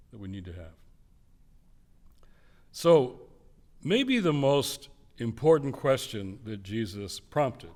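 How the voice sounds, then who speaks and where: An older man giving a public lecture, telling stories in an animated way and acting out the voices of the people he quotes. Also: mid-range voice. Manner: animated storyteller, acts out quoted voices with swings in loudness.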